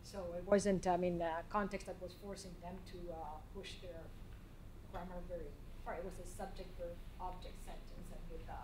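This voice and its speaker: A woman's voice: fairly low pitch, level tone, moderate pace, a little mellow, a little hiss or hum. A woman lecturer answering audience questions in a lecture hall, talking hesitantly with frequent restarts and "I mean" fillers. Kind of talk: academic Q&A answers.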